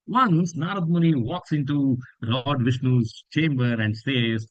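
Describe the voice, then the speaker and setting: A man teaching a scripture class, telling a story with lively swings in his voice for quoted lines. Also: measured pace, hardly any pauses, dry recording, lo-fi sound. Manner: animated storytelling that lifts pitch for quoted lines. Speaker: spiritual teacher.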